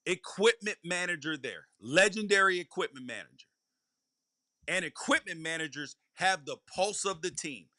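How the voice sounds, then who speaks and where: A man hosting a live sports podcast, delivering emphatic commentary and circling back to stress each point. His voice sits high and rings bright and forceful. The sound is dry and close. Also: no room sound. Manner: emphatic, repeats key points. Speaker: podcast host; former college football player. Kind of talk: live college football commentary.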